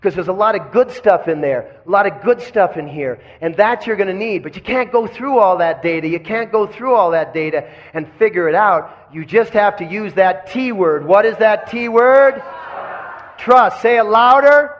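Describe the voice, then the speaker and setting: Guy teaching kundalini yoga live, keeps quizzing the class, kinda high voice, muffled old recording. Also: normal speed, few pauses. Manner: questioning, has the class repeat phrases. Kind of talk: live lecture to a class with call-and-response. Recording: dull lo-fi recording.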